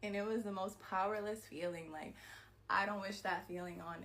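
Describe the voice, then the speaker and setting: A woman telling a personal story to her viewers in a storytime vlog, animated and peppered with "like" and swearing. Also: mid-range voice, moderate pace. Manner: animated retelling, heavy use of "like", frequent swearing. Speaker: vlogger.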